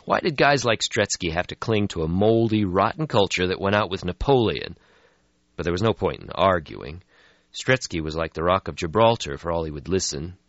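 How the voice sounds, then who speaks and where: A man narrating a story as an audiobook reader, in a measured, expressive way. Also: low voice, no echo. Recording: slightly muffled lo-fi audio.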